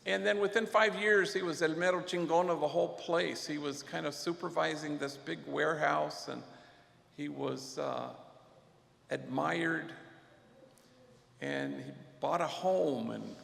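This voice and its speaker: A man's voice: fairly high pitch, vocal fry, fairly bright tone. A man, a priest speaking at a luncheon, telling an earnest story and sprinkling in Spanish phrases. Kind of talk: storytelling speech. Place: large banquet hall. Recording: echoey hall reverb.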